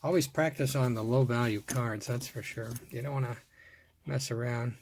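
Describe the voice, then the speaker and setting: A middle-aged man hosting his own collecting video, casually talking through his finds and getting excited over the rare ones. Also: mid-range voice, moderate pace, slight background noise. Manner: muttering softly while working, then bursting into excitement. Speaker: toy car collector and video host. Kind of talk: casual hands-on show-and-tell.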